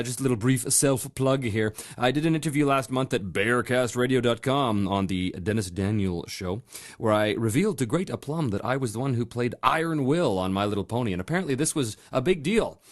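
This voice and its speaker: A man hosting a voice acting podcast, chatting casually and reading out listener mail with laughs. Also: medium pitch. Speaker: podcast host.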